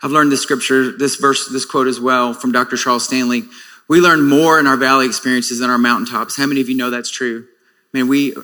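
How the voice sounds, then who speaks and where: Man, forties, earnest testimony sermon; bright tone, reverberant hall. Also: mid-range voice. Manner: earnest and reflective, with many fillers and restarts. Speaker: speaker sharing a personal testimony. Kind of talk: sermon-style personal testimony.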